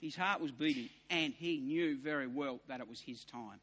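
A man in his fifties preaching a sermon, emphatic and repetitive, sometimes rising to near shouts, in a large hall with long reverb. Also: mid-range voice, moderate pace.

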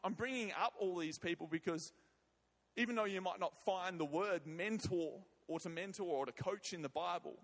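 A man's voice: high voice, fairly bright tone. A man preaching a sermon and leading prayer, emphatic and often repeating words and phrases. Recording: long reverb of a large hall.

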